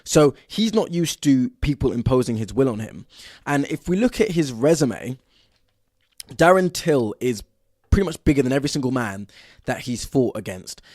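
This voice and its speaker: A young man from southern England hosts his own podcast, talking straight to the listener with real excitement and plenty of ums along the way. His voice sits at an ordinary middle pitch, and the sound is dry and close, with no room echo at all. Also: moderate pace. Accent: Southern English. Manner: excitable and energetic, lots of fillers. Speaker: podcast host. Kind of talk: solo podcast monologue.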